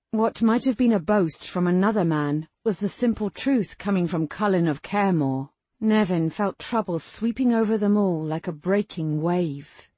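A woman narrating a fantasy novel in an even, measured storytelling manner. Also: mid-range voice, slightly rough, no echo. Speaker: audiobook narrator. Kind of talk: scripted narration.

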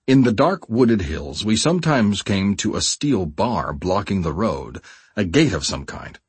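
Husky, lively male memoir narrator. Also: fairly low pitch, no room sound. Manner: measured, expressive storytelling. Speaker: audiobook narrator. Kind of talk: first-person memoir audiobook narration.

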